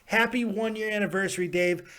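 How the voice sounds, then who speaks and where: Loud, high-voiced man hosting a call-in show. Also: fairly even intonation, brisk. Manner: loud, blunt and profane, laughs often. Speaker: host of a wrestling call-in show. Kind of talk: casual live call-in chat.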